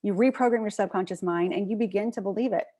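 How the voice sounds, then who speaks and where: A woman's voice: mid-range voice, quick pace, dark tone. A woman hosting an interview, talking in an upbeat, motivational coaching way. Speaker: host. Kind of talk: casual video interview chat.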